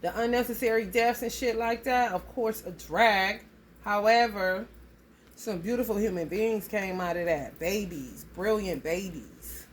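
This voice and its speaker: A woman's voice: medium pitch, measured pace, slight background noise. A woman giving a casual spoken reading to her viewers, blunt and heavily profane, rambling loosely as she talks. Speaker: astrology reading vlogger.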